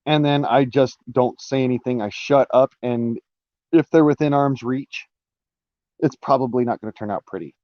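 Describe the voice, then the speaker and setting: A man's voice: medium pitch, moderate pace, dark tone, no echo, dull audio. A man talking through a casual live-stream monologue, rambling with restarts and fillers, swearing now and then.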